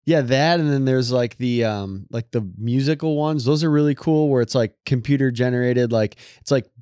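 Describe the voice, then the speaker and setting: A man co-hosting a casual podcast, excitable and halting with many fillers. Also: medium pitch, clean tone, no room sound, clean studio sound. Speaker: podcast co-host. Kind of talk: casual chat.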